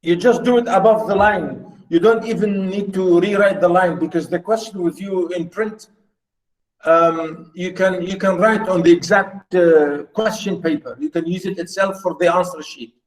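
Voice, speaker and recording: A man's voice: high voice, moderate pace, low-quality recording. A man lecturing students over a video call, explaining poetic meter in a rambling way with many fillers and repeats. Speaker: university literature lecturer.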